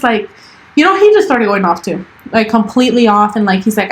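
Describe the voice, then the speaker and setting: On a low-quality recording, a young bilingual podcast co-host shares a story in relaxed conversation, her mid-range voice swinging widely in pitch and running a little fast. She moves back and forth between Spanish and English, peppering her speech with "like" and "dude."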